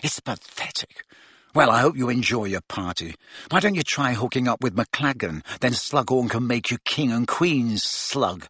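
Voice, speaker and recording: A man's voice: medium pitch, animated, fast, hardly any pauses, fairly bright tone, no room sound. A man voicing a sulky, sarcastic teenage boy who sneers and grumbles. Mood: sneering.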